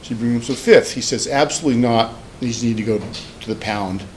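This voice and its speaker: A man's voice: mid-range voice, brisk, slight background noise, low-quality recording. A man, a professor, lecturing to a class and telling a rambling personal story with many fillers and restarts. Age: older. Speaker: psychology professor.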